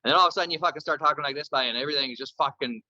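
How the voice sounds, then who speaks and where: Bright sounding canadian guy on a podcast, cursing every other word, kinda dull dry recording. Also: a little high, very fast, dry recording. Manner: loose, profane storytelling. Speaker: podcast guest. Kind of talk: casual podcast chat.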